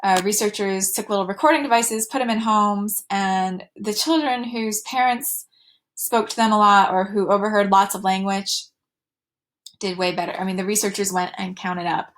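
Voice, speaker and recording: A woman's voice: mid-range voice, fairly even intonation, moderate pace, a bit bright. A woman teaching a recorded slide lecture, with fillers and restarts, going sing-song when she models talk to children.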